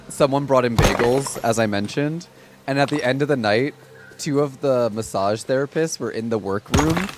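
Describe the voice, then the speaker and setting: A man in his twenties chatting casually to viewers while streaming a game, telling stories in an animated way with lots of "like" fillers. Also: medium pitch, normal speed, over music. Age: 20s.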